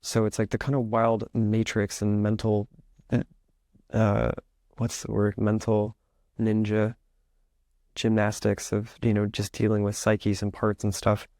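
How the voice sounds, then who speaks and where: A man's voice: lowish voice, completely flat delivery, a little slow, a little mellow, no room sound, clean studio sound. A man speaking as a podcast guest in a casual, rambling way, filling his talk with "like" and acting out the thoughts he describes. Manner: rambling, heavy use of "like", acts out inner thoughts. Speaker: podcast guest, author and musician.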